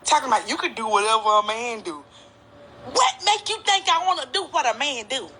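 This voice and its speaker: High, bright-voiced woman ranting. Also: animated, fairly quick, slight background noise. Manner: indignant, swearing, exaggerated outrage. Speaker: comedy skit creator. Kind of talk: comic rant monologue.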